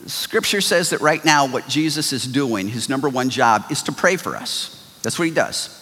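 A middle-aged man preaching a sermon as pastor, swinging from loud exclamations to quiet asides. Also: medium pitch, expressive, moderate pace, husky. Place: church sanctuary. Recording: long hall reverb.

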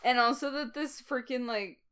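A woman's voice: a little high, moderate pace, a bit bright, clear, resonant tone. A woman co-hosting a casual podcast, playfully chiming in with jokes about a TV episode. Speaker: podcast co-host. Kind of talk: casual chat.

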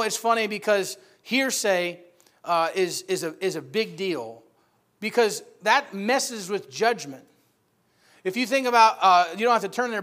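Male preacher, high voice, emphatic sermon delivery. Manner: emphatic, rising loud for key points.

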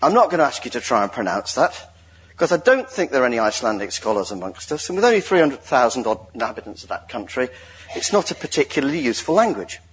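Lively man preaching a sermon. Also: mid-range voice, quick pace, slightly rough. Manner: lively, joking, directs the congregation. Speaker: lay preacher. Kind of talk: sermon with audience participation.

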